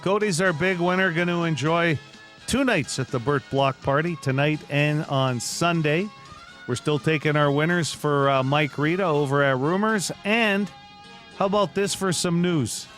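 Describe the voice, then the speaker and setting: A male co-host on a radio show who jokes around and cuts in with quick remarks. His voice sits a little high, with faint music underneath. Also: a bit bright. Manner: joking, quick interjections. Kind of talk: casual chat.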